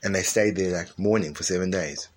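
A man leading an informal Torah class, animated and emphatic, dropping to a hushed tone at times, with many fillers and restarts. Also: sits low, fairly quick, background noise. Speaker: teacher.

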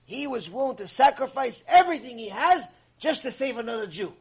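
A man acting out a frightened fugitive urgently explaining himself, in a husky voice. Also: very high voice, very animated, brisk, heavily acted.

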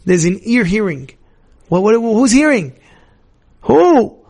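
A man teaching a Torah class as a rabbi, animated and emphatic, repeating phrases to drive points home. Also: high-pitched, moderate pace. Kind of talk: lively sermon-style Torah lesson.

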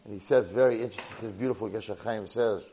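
A man teaching a Torah portion lesson to a live class, an animated storyteller sprinkling in Hebrew and Yiddish words. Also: lowish voice, racing, a little hiss or hum, poor audio.

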